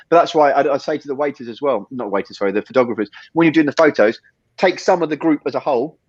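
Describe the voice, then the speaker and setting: A man, a guest on a podcast, telling stories in a quick, rambling way, full of fillers and restarts. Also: mid-range voice, no echo, muffled recording. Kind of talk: casual interview chat.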